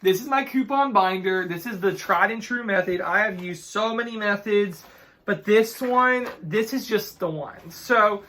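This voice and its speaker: A young man in his twenties from Ohio, telling stories in a casual, chatty vlog with animated, exasperated energy. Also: high-pitched, a little slow. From Ohio, USA. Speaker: couponing vlogger.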